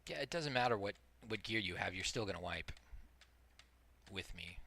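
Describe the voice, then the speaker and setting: Rambling through his gameplay, a middle-aged multiboxing streamer explains his tactics as he goes and makes self-deprecating jokes. He speaks at normal speed in a fairly low, creaky voice that's pushed and bright, with lively intonation.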